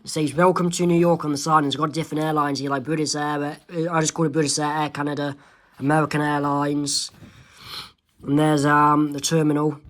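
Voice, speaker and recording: Brief: amateur man narrating his comic, halting, many ums. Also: on the high side, completely flat delivery, fairly bright tone. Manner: halting, with fillers and self-corrections. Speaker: amateur comic artist, channel host. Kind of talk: reading his own comic aloud.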